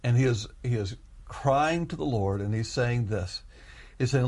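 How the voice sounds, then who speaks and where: A man telling a personal testimony as a guest, emotionally, repeating phrases and rising high when reliving moments. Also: lively intonation, moderate pace, darkish tone, slightly rough. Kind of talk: emotional storytelling.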